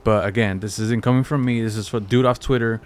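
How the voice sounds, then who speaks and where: A man co-hosting a podcast, talking in a relaxed, slangy casual chat full of fillers. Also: on the low side, quick pace. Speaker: podcast co-host.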